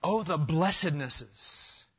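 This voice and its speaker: Man, pastor, sermon, emphatic, rhetorical questions, slightly high voice, tense. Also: animated, takes it slowly, a bit bright, breathy edge. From Nebraska. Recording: dull lo-fi sermon recording.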